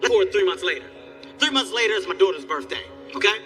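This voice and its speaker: A man doing a stand-up comedy set, telling animated stories and acting out the people in them. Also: sits high, quick pace, distant mic, faint music behind. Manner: animated storytelling, acts out characters, yelling bits. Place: theater stage before a live audience.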